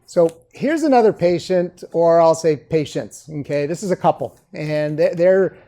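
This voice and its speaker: A dentist being interviewed, telling patient stories in a casual way and often checking in with "okay?". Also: male voice, fairly high pitch, moderate pace, warm tone. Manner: storytelling, keeps adding "okay?". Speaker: dentist guest. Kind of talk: conversational interview.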